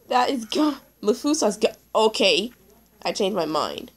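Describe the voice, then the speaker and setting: A woman giving excitable let's play commentary, talking to the animals in her game as she plays. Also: medium pitch, slow, long pauses, noisy background. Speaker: gaming YouTuber.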